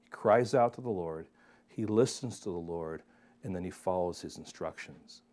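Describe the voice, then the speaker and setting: A man's voice: low-pitched, normal speed, darkish tone. A man preaching a sermon, who calls his listeners friends and keeps asking them rhetorical questions. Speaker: pastor.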